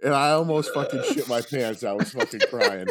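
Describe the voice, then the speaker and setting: A man's voice: medium pitch, expressive, normal speed, a bit bright. A man in casual podcast chat, crude and blunt, tossing in wisecracks.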